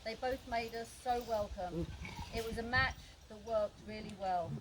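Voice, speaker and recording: A woman's voice: fairly high pitch, moderate pace. A woman reading a eulogy for a friend, telling fond stories and often breaking into laughter. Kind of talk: reading a memorial speech. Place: memorial gathering. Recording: noisy background.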